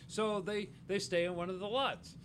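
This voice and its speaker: A man's voice: high-pitched, fairly even intonation, normal speed, fairly bright tone, a little hiss or hum. A man co-hosting a casual chat, retelling a story in an easygoing, hesitant way. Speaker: podcast co-host.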